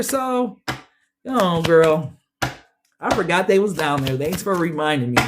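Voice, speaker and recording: A woman's voice: on the low side, expressive, measured pace, long pauses, background noise. A woman giving a casual tarot reading, chatty and slangy, speaking straight to her listeners and sounding a bit stuffy. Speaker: tarot reader.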